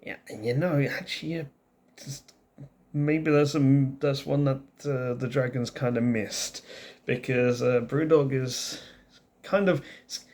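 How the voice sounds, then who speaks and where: A man's voice: mid-range voice, fairly even intonation, measured pace, a little mellow. A man hosting a casual vlog beer review who rambles and often restarts his sentences.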